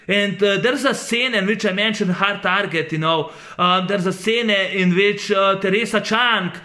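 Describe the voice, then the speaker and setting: Rambling man with a bright voice. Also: high voice. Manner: rambling, halting, many fillers and restarts. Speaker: movie reviewer. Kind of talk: casual spoken film review.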